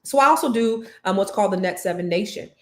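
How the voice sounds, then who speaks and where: A woman's voice: mid-range voice, quick pace, a bit bright. A woman host and coach giving an impassioned motivational talk, stressing key words as she builds.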